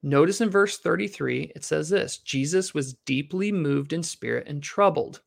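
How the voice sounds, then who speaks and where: A man with a slightly higher voice and a gravelly edge reads a Bible passage and then teaches on it. He reads steadily and explains with rising questions for his class. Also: normal speed. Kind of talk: scripture reading and teaching.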